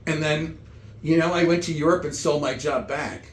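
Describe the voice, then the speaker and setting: A man telling comic stories in meandering, halting chat full of restarts. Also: on the high side, steady tone, reverberant. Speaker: comedian. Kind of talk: rambling comedic chat.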